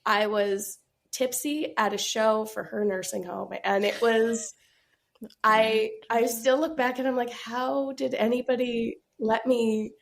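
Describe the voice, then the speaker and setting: A woman's voice: fairly high pitch, steady tone, measured pace, gravelly. Woman, sick, congested, chatty, fillers, casual interview guest. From Georgia, USA. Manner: chatty, laughs often, many fillers. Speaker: guest musician.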